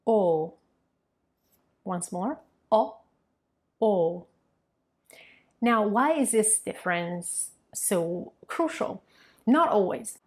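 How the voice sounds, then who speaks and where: Italian-accented young woman explaining pronunciation, clear and patient, native italian speaker. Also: mid-range voice. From Milan, northern Italy. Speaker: Italian language teacher. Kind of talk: online language lesson.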